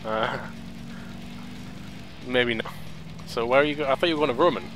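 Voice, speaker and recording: A man's voice: mid-range voice, normal speed, noisy background. A man commenting as a friend plays a video game, dry and teasing. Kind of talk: casual let's-play chat.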